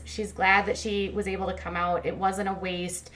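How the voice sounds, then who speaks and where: A woman's voice: medium pitch, flat delivery, moderate pace, few pauses, fairly bright tone. A woman hosting a commentary channel, recapping a reality show in a chatty, filler-heavy way with sarcastic asides.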